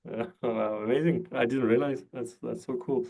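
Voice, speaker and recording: Mellow-voiced hesitant male host. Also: mid-range voice, steady tone, normal speed, vocal fry. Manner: hesitant, many "uh" fillers. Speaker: podcast host. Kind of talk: casual interview chat.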